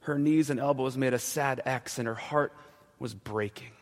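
A male pastor telling a story in a sermon, slowing down and dropping to a hushed voice at the key moments. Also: mid-range voice, steady tone. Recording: long church reverb.

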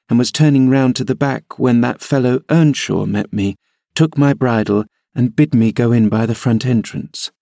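A man reading a classic novel aloud as an audiobook, measured and expressive, shifting his voice for the characters. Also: on the low side, creaky, dry recording, clean studio sound. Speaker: audiobook reader.

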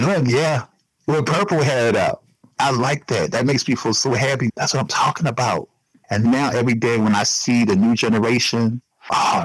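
A man's voice: medium pitch, breathy edge, no echo, poor audio. A man giving an emotional personal interview, talking earnestly and repeating himself for emphasis.

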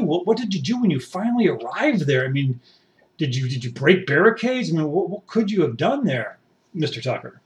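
A man interviewing a guest in a satirical mock interview, asking long, rambling questions that he keeps restarting. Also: on the high side.

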